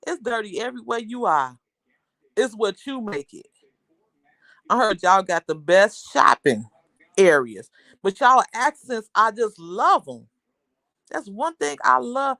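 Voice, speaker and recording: A woman's voice: fairly high pitch, lively intonation, a little slow, pushed and bright, no echo, clean studio sound. A woman hosting a casual livestream, chatting with viewers in a rambling, talkative way. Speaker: livestream host.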